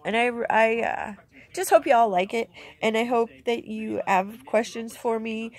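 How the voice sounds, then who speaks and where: A woman's voice: fairly high pitch, a little slow. A middle-aged woman vlogger speaking candidly and emotionally in a plainspoken, heartfelt way from inside a camper. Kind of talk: candid personal vlog.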